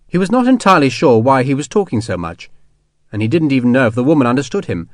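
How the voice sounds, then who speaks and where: In a clean, dry studio recording, a man with a medium-pitched voice narrates an adventure novel for an audiobook. His scripted reading is steady and measured.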